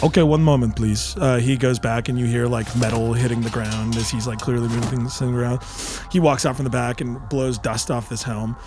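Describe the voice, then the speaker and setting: A man narrating a tabletop game as game master in a loose, halting way with fillers. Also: medium pitch, level tone, over music.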